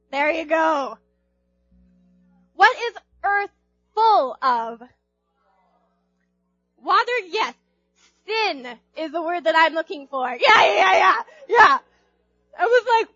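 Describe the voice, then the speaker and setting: Here a young woman gives a chatty talk-style sermon to a group, asking them questions and dramatizing quotes in a playful way, in the manner of a youth speaker. Her very high voice sounds pushed and bright. The recording is muffled, with no echo.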